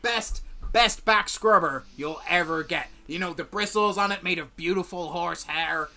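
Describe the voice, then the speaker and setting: A man's voice: sits high, moderate pace, pushed and bright, heavily acted. A man voicing a scraggy, grey-bearded male tool peddler who pushes his wares with repetitive, wheedling patter. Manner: wheedling salesman patter, repeats himself.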